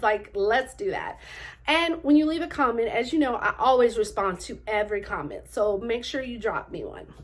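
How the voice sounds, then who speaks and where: A middle-aged woman vlogger telling stories straight to her viewers in a chatty, animated way, full of "like" and "um". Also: on the high side, normal speed. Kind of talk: casual storytelling to camera.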